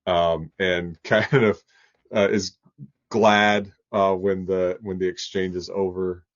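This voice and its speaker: A man playing a tabletop game who describes his character's actions haltingly with many fillers, on dull lo-fi audio. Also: deep voice, flat delivery. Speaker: player.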